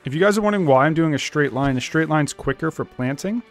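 Chatty gamer man, lively voice. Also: on the high side, fast, soft background music. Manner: chatty, talks to game characters as buddy. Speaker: let's play host. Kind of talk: casual gameplay commentary.

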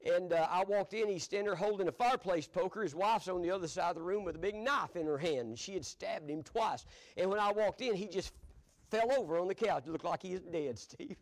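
An older man with a drawl preaches in a church, leaning into folksy storytelling. His voice sits high for a man, and he chuckles easily between lines. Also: brisk. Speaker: pastor. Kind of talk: storytelling sermon. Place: church sanctuary.

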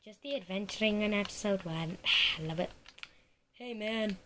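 A person giving rambling, giggly let's play commentary while playing at a home computer. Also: female voice, mid-range voice, steady tone, a little fast. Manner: rambling, giggly, silly chatter. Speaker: gaming video creator. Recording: noisy recording with keyboard clicks.

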